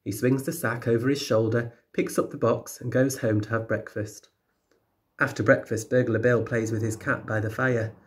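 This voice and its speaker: A man's voice: medium pitch, steady tone, normal speed. Man reading a picture book aloud. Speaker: teacher.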